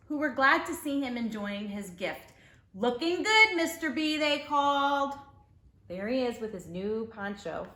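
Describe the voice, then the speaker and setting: Teacher reading a children's book aloud: woman, bright and animated, higher voice, roomy echo. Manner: expressive and warm toward children. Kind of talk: read-aloud storytelling for children.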